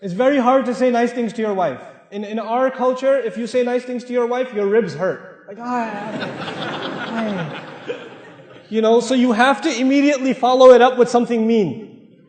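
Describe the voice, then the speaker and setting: Man, sermon, very high voice, direct, joking, repeats for emphasis, long hall reverb. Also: a little fast, a little mellow. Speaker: speaker giving a talk. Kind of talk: sermon to a live audience.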